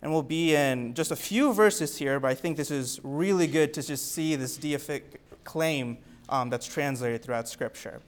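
A young man gives an earnest teaching sermon. His voice sits a little higher than most men's, and he leans harder into scripture when he reads it aloud. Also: normal speed, few pauses. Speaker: preacher.

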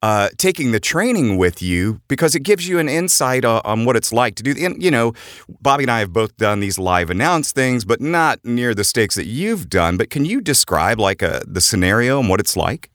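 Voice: medium pitch, big pitch swings, moderate pace, a bit bright, no room sound, clean studio sound. A podcast host asking long, rambling interview questions with enthusiasm.

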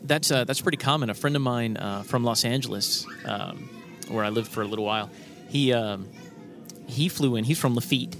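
A man guesting on a podcast, speaking at an ordinary middle pitch. He rambles through his stories and hesitates often, filling the gaps with "uh" and "um". He keeps it friendly and casual, with faint music playing behind him. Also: moderate pace, fairly bright tone. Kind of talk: casual chat.

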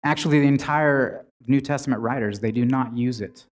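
A man's voice: mid-range voice, brisk. A man preaching a sermon in a conversational way, retelling scripture with frequent restarts.

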